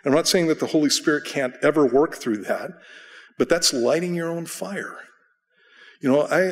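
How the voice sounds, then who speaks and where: A man of middling pitch teaches in a church, chatty and self-deprecating, with frequent restarts. His voice rings out in a long hall reverb. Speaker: pastor. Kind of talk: conversational Bible study teaching. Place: church sanctuary.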